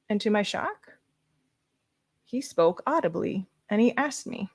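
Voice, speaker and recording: A woman speaking on a conference stage as a motivational speaker. She gives an emotional personal testimony and swings from hushed whispers to a raised voice. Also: medium pitch, animated, moderate pace, long pauses, no room sound, studio quality.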